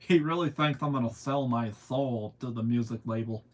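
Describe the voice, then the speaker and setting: Speaking a little slowly in a mid-range voice, this young Southern US livestreamer keeps things relaxed, drawling his replies to chat comments and laughing frequently.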